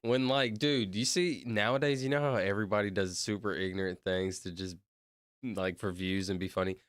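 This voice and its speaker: A man's voice: on the low side, fairly even intonation, moderate pace, no echo, faint music behind. A young man streaming, chatting casually in a rambling, slangy way and calling people bro. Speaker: streamer counting out loud. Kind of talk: casual livestream chat.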